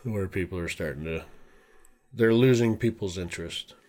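A man's voice: sits low, normal speed, a little mellow. A young man co-hosting a podcast, in easygoing casual chat with short replies. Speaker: podcast co-host.

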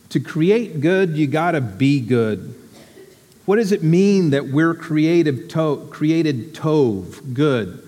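A man giving a sermon to his church community in a reflective, unhurried, deliberate way. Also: fairly high pitch, big pitch swings, dark tone, long reverb tail.

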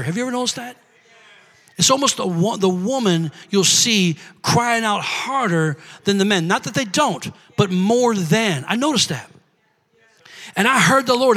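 A man preaching a sermon in a church, fervent and often shouting as he calls out to the congregation. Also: high voice, normal speed, pauses often.

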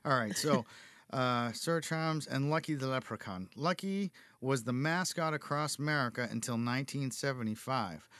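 A man's voice: mid-range voice, normal speed, fairly bright tone, clean tone, no room sound, clean studio sound. A male podcast host casually reading cereal history from notes, cracking jokes and laughing often. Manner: jokey, laughs often, reads notes aloud.

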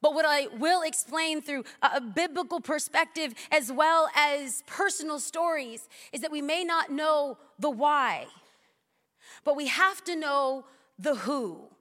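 A woman preaching a sermon in a large church hall, animated and humorous with punchy delivery. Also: high voice, measured pace. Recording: long hall reverb.

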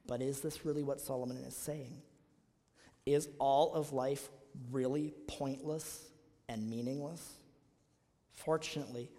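A man's voice: medium pitch, darkish tone. A man preaching a sermon to his congregation, asking his listeners emphatic rhetorical questions. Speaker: pastor. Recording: long hall reverb.

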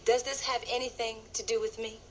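Actress as a composed businesswoman, high voice, noisy TV clip. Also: flat delivery, brisk, natural voice. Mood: puzzled. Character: poised polite businesswoman. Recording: TV clip with clear background noise.

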